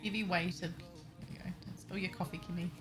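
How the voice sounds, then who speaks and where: A woman's voice: fairly low pitch, fairly even intonation, fairly quick, music in the background, poor audio. A young woman from New Zealand with a slightly Americanized Kiwi accent, chatting casually and giggling with her chat while livestreaming a game. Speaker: streamer. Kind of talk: casual live-stream chat while playing.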